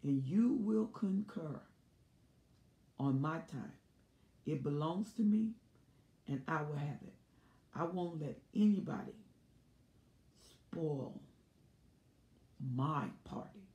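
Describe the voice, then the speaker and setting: A woman's voice: low-pitched, animated, slow, pauses often, warm tone, reverberant, dull audio. A woman voicing a boastful, self-centered narcissist in a grandiose, commanding way. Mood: domineering.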